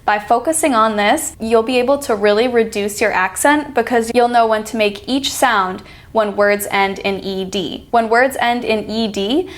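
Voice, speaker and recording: A woman with an American accent leads a pronunciation lesson in a slightly high voice. She reads her example words slowly and deliberately, as a teacher drilling a class. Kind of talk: scripted online lesson.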